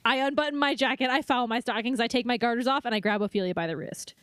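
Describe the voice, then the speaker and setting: A woman's voice: fairly high pitch, fast, a bit bright, clean tone, no room sound, clean studio sound. A young woman co-hosting a podcast, chatting casually and reading a book aloud, giggly and prone to laughing fits. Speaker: podcast co-host.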